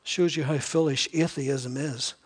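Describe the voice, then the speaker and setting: A man's voice: fairly high pitch, fairly even intonation, unhurried, breathy edge. A man preaching an expository sermon, emphatic and repetitive, with wry asides.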